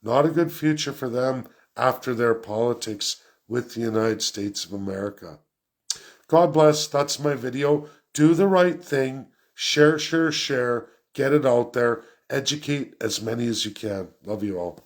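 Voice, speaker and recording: A man giving an unscripted political rant as a vlogger, talking quickly and emphatically and repeating phrases for effect. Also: mid-range voice, expressive. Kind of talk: unscripted ranting monologue.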